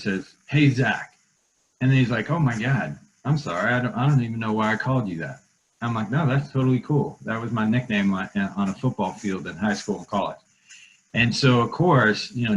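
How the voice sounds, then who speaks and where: Low-voiced friendly storyteller man. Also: fairly bright tone, highs cut off. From Denver, Colorado, USA. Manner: friendly storyteller, easy laugh. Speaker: guest, nonprofit founder. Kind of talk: casual webinar interview.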